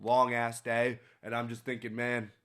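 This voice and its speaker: A man's voice: mid-range voice, completely flat delivery, normal speed, fairly bright tone. A young man co-hosting a podcast, telling a story in casual, profane chat and acting out the voices of people he quotes. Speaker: podcast co-host.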